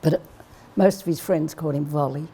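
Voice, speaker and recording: A woman's voice: low-pitched, brisk, mellow, a little hiss or hum. An older woman recalling the past in a plain, matter-of-fact interview manner. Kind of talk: reminiscing interview.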